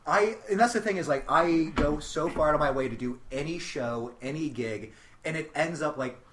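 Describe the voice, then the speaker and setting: A man's voice: on the high side, normal speed, noisy background. A young man, a stand-up comedian, telling stories on a podcast, acting out voices and swearing freely. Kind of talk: casual chat, comic storytelling.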